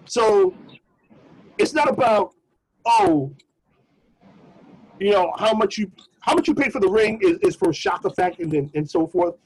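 A middle-aged man co-hosting a podcast tells a story in casual chat, lively and profane, and slips into the voices of the people he quotes. His voice sits high for a man and has a husky edge. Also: measured pace, pauses often, rough recording. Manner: animated, swearing, acts out quoted voices. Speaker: podcast co-host.

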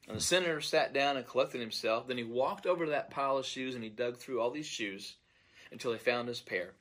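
A man's voice: medium pitch, a little fast, a bit bright. A man, a pastor, earnestly recounting a dream in an unscripted monologue, often repeating words as he searches for them.

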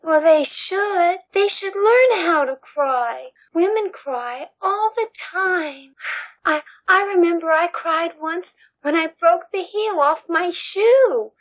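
An unhinged lonely woman, high childlike voice, slow tearful speech, lo-fi film sound. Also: lively intonation, full character voice. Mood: wistful. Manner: plaintive, tearful, wavering between sweet and menacing. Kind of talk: film dialogue.

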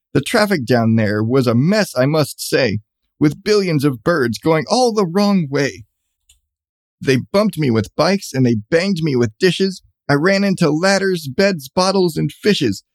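A man's voice: fairly high pitch, no echo. A man reading a rhyming children's storybook aloud with a bouncy cadence.

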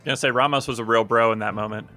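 Bright, enthusiastic male podcast guest. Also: mid-range voice, steady tone, rapid-fire, soft background music. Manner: enthusiastic, heavy use of "like". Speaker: podcast panelist. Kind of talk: casual podcast chat.

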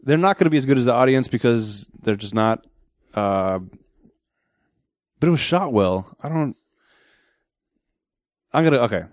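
A man co-hosting a casual podcast, talking in halting, rambling restarts. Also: medium pitch, lively intonation, no room sound, clean studio sound. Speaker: podcast co-host.

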